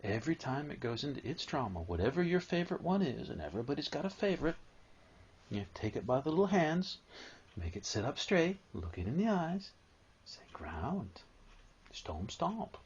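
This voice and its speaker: A man giving a live spiritual talk to an audience, animated and storytelling, at times acting out a whining child. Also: fairly high pitch, brisk, breathy edge, dull audio.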